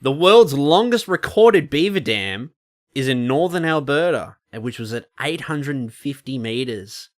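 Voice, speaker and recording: A man's voice: medium pitch, lively intonation, unhurried. A man with an Australian accent co-hosting a casual podcast, joking and swearing as he reads out facts. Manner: profane, joking banter. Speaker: podcast co-host.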